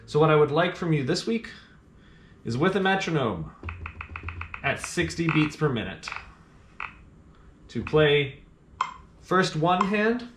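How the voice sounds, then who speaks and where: Speaking slowly with long pauses, this male piano teacher has a fairly high, expressive voice as he patiently walks a learner through a scale exercise step by step. He counts beats aloud and hums rhythms while playing, giving plain instructions. The roomy recording carries piano and a noisy background.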